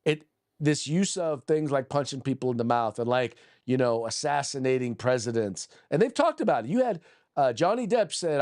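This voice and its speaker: A man's voice: fairly high pitch, expressive, a little fast, a little mellow. A man hosting a political podcast, combative and blunt, who reads news articles aloud, often restarts and repeats words. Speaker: podcast host.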